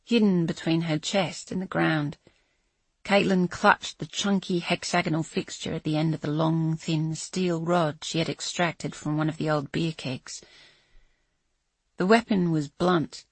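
Woman reading a thriller audiobook, husky, dry close sound. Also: deep voice, fairly even intonation, dry recording. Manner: measured, dramatic thriller reading. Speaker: audiobook narrator. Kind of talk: scripted narration.

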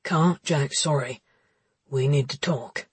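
A woman doing a cocky, husky-voiced man. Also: takes it slowly, dry recording, exaggerated voice. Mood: teasing. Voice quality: husky, low and hushed. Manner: smug, teasing drawl. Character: cocky teasing adult man, unflappable.

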